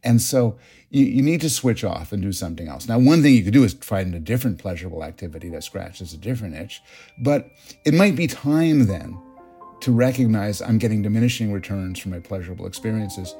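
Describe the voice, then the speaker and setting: Middle-aged man, psychologist guest, low voice, mellow husky tone, animated explainer. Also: fairly quick, soft background music. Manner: explanatory, animated storytelling with restarts. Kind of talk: interview.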